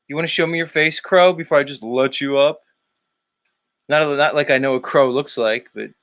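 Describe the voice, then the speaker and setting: A man's voice: a little high, fairly bright tone. A man hosting a livestream, casual and jokey, swearing freely. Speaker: livestream host.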